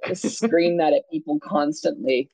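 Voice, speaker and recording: A woman's voice: deep voice, expressive, a little slow, warm tone, slightly rough, no echo, poor audio. A woman co-hosting a casual podcast, ranting in fired-up bursts full of swearing. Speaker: podcast co-host.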